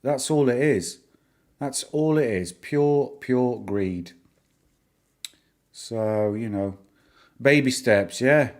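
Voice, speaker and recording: A man's voice: mid-range voice, slow pace, long pauses. A middle-aged man giving casual, rambling commentary on a live stream, chatty and amused by his own jokes. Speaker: stock-market live streamer.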